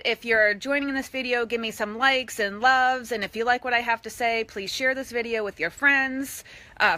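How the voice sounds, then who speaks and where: A bright, crisp-voiced middle-aged woman talks straight to her viewers in a live social media video. She pitches a little high and keeps things chatty, slipping into playful voiced asides as she shares fitness tips. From East Boston, USA. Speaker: fitness coach.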